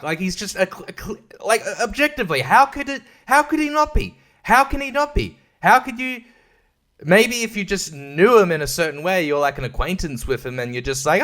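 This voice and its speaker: A young man on his own podcast, with a fairly high voice. He rambles through a crude, sarcastic rant and keeps breaking into laughter. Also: very animated, normal speed, fairly bright tone. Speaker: podcast host. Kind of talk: casual solo podcast rant.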